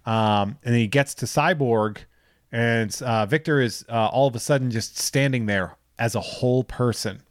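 A man co-hosting a podcast, casually recapping a movie with profanity and quick impressions of the characters. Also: mid-range voice, dry recording, clean studio sound. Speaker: podcast co-host.

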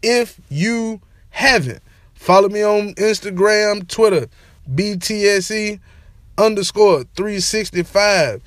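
A young man ranting casually to camera as a sports and entertainment vlogger, slangy and animated, repeating his catchphrases. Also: high-pitched, slow, dry recording, clean studio sound. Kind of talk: casual opinion rant to camera.

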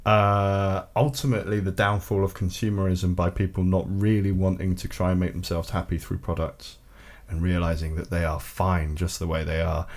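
A man hosting a comedy podcast, talking in a rambling, deadpan way. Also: sits low, moderate pace. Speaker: podcast host.

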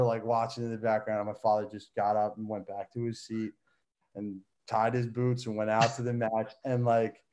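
Guy rambling thru a story, lots of likes n laughs, animated. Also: medium pitch. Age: adult. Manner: animated, laughs often, many fillers. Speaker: guest, son of a wrestler. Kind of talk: casual storytelling.

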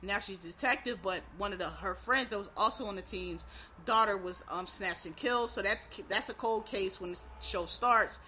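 A woman's voice: medium pitch, normal speed, sharp tone, slight background noise. A woman from Philadelphia with a faint Philadelphia accent, chatting casually and rambling with frequent fillers and restarts. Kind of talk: casual chat.

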